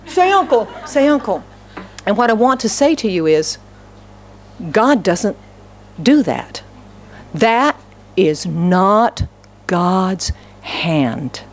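A middle-aged American woman pastor preaching a sermon in a church, telling a story with frequent laughter and acted-out quotes. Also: fairly high pitch. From United States.

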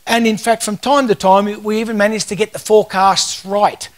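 At a conference, an Australian man in his fifties tells stories and jokes in a casual talk. He speaks at normal speed, his high-pitched voice showing little pitch movement.

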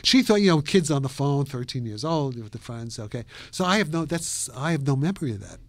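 Older man from new york, rambling animated interview stories, laughs a lot, dry room. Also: mid-range voice, fairly quick, no echo. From New York, USA. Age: around 80. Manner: animated, laughs often, trails off and restarts. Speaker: interview guest, physicist.

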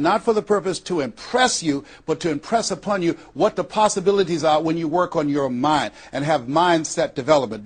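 Emphatic, fairly high-voiced motivational speaker. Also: male voice. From Miami, Florida. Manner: emphatic, repetitive, with dramatic pauses and slowed key phrases. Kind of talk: motivational speech.

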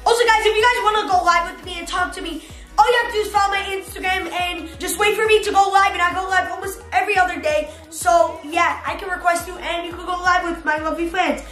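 A woman vlogging in an excitable, dramatic way, reading out chat messages and stretching some phrases out slowly. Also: extremely high pitch. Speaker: YouTuber. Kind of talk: excited vlog narration reading out text chats. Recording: echoey room with background music.

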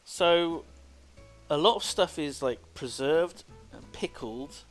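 A man rambles casually while streaming a game, drifting between chatty asides. His delivery is slow and unhurried, yet his pitch bounces around with lots of lively movement. Faint game music sits underneath. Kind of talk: casual gameplay commentary.

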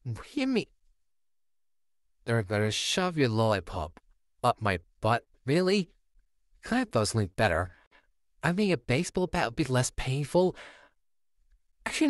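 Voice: no echo, lightly acted. A performer voicing a flustered, sarcastic male puppet neighbor stuck babysitting a child, in a home-made fan audio drama with a close, dry home mic. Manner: sarcastic, easily flustered, wildly swinging pitch.

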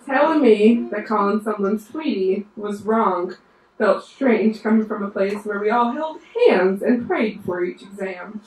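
Her voice is mid-range, animated and a little slow, with a darkish tone. She's a mid-twenties nurse from West Virginia with a Southern accent, performing a wry, sassy story at a bar's live storytelling show. The venue sounds roomy, and the mic sits far away.

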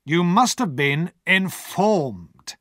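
A man's voice: high-pitched, expressive, extremely slow, fairly bright tone, dry recording, studio quality, voice pushed up, exaggerated voice. A man voicing a cautious middle-aged male lawyer who speaks in a clipped, guarded way.

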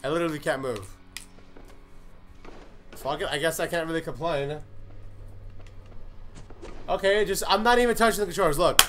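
A young man giving live gameplay commentary, cursing and breaking into loud, frustrated outbursts. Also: fairly high pitch, moderate pace, long pauses, over music. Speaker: gaming commentator.

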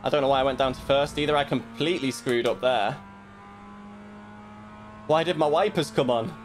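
A man talks through his sim race in a casual, muttering way, often picking at his own mistakes. His voice sits at an ordinary pitch. Faint music plays underneath. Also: normal speed. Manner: self-critical, muttering asides. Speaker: sim racing streamer. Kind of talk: casual commentary while racing.

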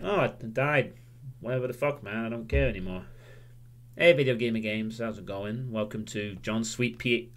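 Guy on his stream, honest and sweary, talks himself in circles, average pitch. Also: fairly bright tone. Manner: frank, self-critical, swears freely, loses his train of thought. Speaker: livestreamer. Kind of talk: candid livestream monologue.

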